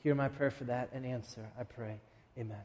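A man preaching a sermon as a pastor, emphatic, with dramatic pauses and quick asides. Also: medium pitch, steady tone, a little mellow, in a large hall. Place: church sanctuary.

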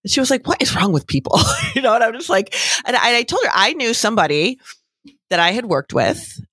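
A middle-aged woman who has a grown daughter, co-hosting a casual parenting chat in a relaxed, storytelling way. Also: fairly high pitch, fairly quick, no echo.

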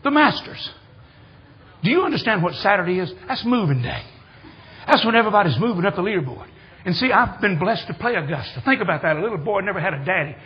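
An older man preaching a sermon in a church, telling folksy stories and building to excited shouts. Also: high voice, quick pace, breathy edge, lo-fi sound. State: hard of hearing. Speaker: guest preacher. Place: church sanctuary.

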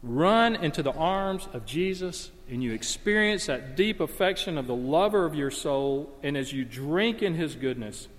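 A man preaching a sermon as a pastor, swinging from hushed storytelling to loud, impassioned emphasis. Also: a little high, expressive, moderate pace, hardly any pauses. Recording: long reverb of a large hall.

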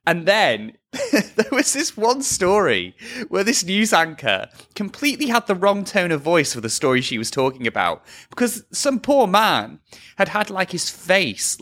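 A British podcast host in casual chat with a very lively, swooping delivery. This speaker tells stories with animation and drops into mimicking other voices. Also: mid-range voice, measured pace. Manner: animated storyteller who slips into mimicry.

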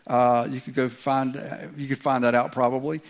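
A pastor with a Southern drawl preaches in a church, his voice sitting at an ordinary middle pitch for a man. He talks in a folksy, joking way, picking up speed when he reads scripture aloud. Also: flat delivery, normal speed. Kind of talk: sermon. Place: church sanctuary.

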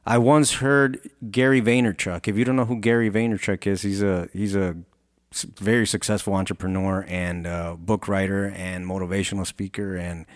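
A man's voice: low-pitched, little pitch movement, normal speed, no echo, studio quality. A man who founded a clothing brand and has kids, giving an earnest, rambling motivational talk. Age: adult with children. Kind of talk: motivational monologue.

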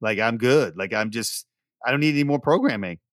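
A man's voice: mid-range voice, expressive, a little fast, fairly bright tone, dry recording, clean studio sound. A man hosting a podcast, talking in a laid-back, chatty and enthusiastic way. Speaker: podcast host. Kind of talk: casual podcast chat.

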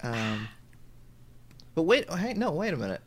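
A man co-hosting a casual podcast, talking in a relaxed way with frequent ums and restarts. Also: fairly high pitch, moderate pace, husky. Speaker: podcast co-host. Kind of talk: casual chat.

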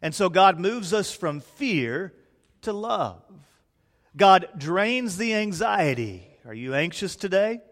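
Male pastor, dramatic sermon delivery, slow and measured, voice a bit higher than most men. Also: big pitch swings. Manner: dramatic preaching, swinging from loud declarations to hushed near-whispers. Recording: long reverb in a large hall.

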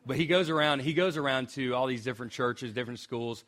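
A man's voice: medium pitch, fast, a bit bright. A young man preaching a sermon as pastor, speaking conversationally with restarts and joking asides.

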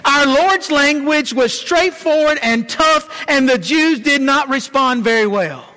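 A man preaching a sermon as pastor, earnest, dropping low and slow to stress key lines. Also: expressive, pushed and bright, soft background music.

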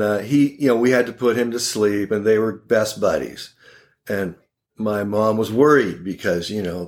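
A man around sixty, an oral surgeon, telling funny family stories as a podcast guest in a wry, laughing way. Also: lowish voice. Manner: animated, wry and laughing, with quoted voices. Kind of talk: casual storytelling in a podcast interview.

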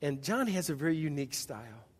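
A man's voice: a little high, very animated, fast, husky. Guy pastor preaching, chatty, keeps asking the room stuff, echoey hall. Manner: conversational, asks the audience questions, frequent restarts. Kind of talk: sermon.

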